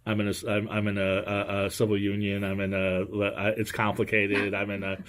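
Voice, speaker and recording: A man's voice: lowish voice, monotone, fairly quick, fairly bright tone. A man hosting a casual podcast, rambling and joking with many restarts. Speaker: podcast host. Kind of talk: casual chat.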